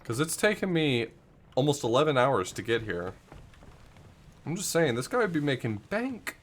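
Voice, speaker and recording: A man's voice: mid-range voice, very animated, normal speed. A man streaming a game, thinking aloud and making self-deprecating asides in casual commentary. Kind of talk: casual live gameplay commentary.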